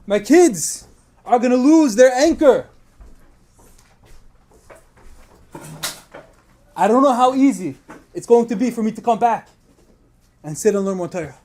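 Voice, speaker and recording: A man's voice: very high-pitched, animated, normal speed, long pauses, a little mellow, voice pushed up. A man voicing a desperate older man who pleads tearfully and insistently for his dying wife. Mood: pleading.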